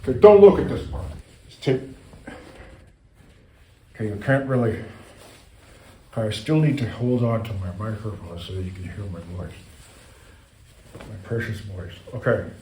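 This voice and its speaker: A man's voice: fairly low pitch, measured pace, pauses often, dark tone, far from the mic, a little hiss or hum. A man doing goofy improvised comedy sketches in a playful, silly way, saying "okay" a lot. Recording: roomy echo.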